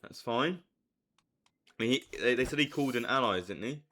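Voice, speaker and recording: A young man giving live commentary on a strategy game, swinging from low muttering to hyped outbursts. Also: expressive, moderate pace, sharp tone. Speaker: streamer.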